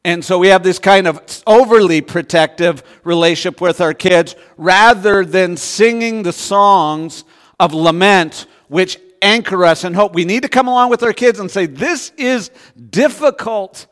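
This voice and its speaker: A man's voice: high-pitched, normal speed, fairly bright tone, long reverb tail. A male pastor preaching a sermon in a church, talking to the congregation in a conversational way and often asking rhetorical questions.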